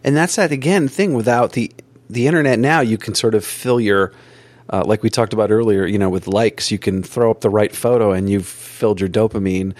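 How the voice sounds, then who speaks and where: A man's voice: lowish voice, fairly quick, a little mellow, no room sound. A man hosting a podcast, asking long rambling questions that stack several at once. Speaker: podcast host. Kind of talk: casual interview chat. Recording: dry podcast audio.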